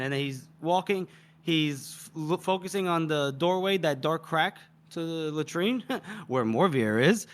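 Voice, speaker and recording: A man co-hosts a book podcast, retelling scenes in relaxed conversation and performing the characters' lines. His voice sits fairly high, a little bright, and he takes his time.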